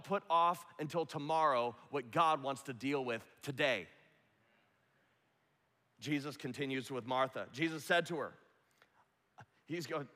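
High bright preaching man in a hall. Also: a little slow. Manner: impassioned, preacherly, acts out quotes. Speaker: pastor. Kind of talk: sermon. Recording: long echo of a large hall.

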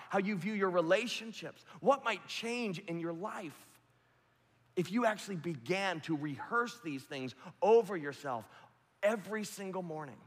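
A man pastor delivering a sermon, emphatic and repetitive, swinging from loud to hushed. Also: sits high. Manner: emphatic, repetitive preaching with big swings in loudness. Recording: long hall reverb.

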